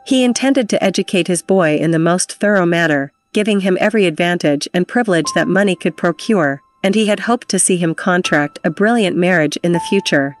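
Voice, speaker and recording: A woman reading a classic novel aloud in steady storytelling narration. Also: lowish voice, brisk, few pauses. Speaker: audiobook reader. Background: background music.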